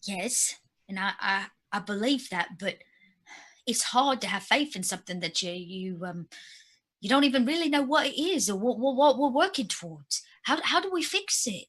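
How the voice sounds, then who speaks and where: A woman's voice: on the high side, lively intonation, normal speed, fairly bright tone, slightly rough. A woman playing her character in a tabletop game, hesitant and stammering yet eager. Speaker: player. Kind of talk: in-character tabletop role-play.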